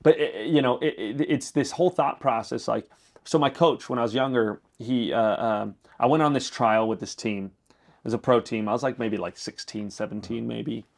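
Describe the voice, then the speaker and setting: A man's voice: medium pitch, normal speed, gravelly. A man from Los Angeles, a podcast guest, telling a story in casual, loose talk full of fillers and acted-out dialogue. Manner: animated, acts out quoted dialogue, loose filler-heavy phrasing.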